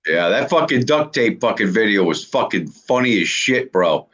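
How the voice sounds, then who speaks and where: A man calling into a livestream, swearing constantly and telling animated stories between laughs. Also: lowish voice, normal speed. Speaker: guest caller. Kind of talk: casual profane chat. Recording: dull lo-fi call audio.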